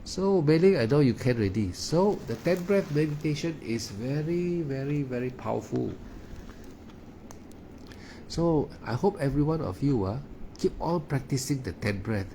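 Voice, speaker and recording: A man's voice: mid-range voice, expressive, normal speed, mellow, slight background noise. A man teaching meditation in a Dharma talk, in broken English with many "ah" fillers and repeated words. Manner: non-native English grammar.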